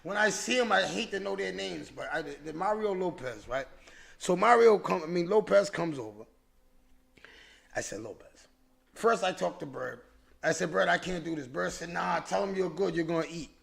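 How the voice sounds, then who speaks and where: Gravelly, high-voiced man telling stories. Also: normal speed. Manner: animated, profane storytelling with lots of restarts. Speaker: podcast host. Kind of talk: casual storytelling.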